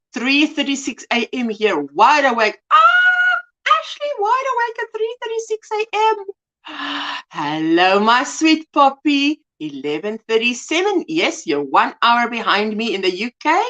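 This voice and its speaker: A middle-aged woman from South Africa hosting a crochet livestream, chatting warmly and reading out viewer comments. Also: fairly high pitch. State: eyes tearing from allergies. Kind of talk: casual livestream chat, greeting viewers.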